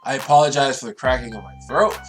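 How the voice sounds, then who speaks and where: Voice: medium pitch, quick pace, faint music behind. Earnest, emotional cartoon episode reviewer. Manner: earnest and emotional, talks at length. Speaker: show reviewer.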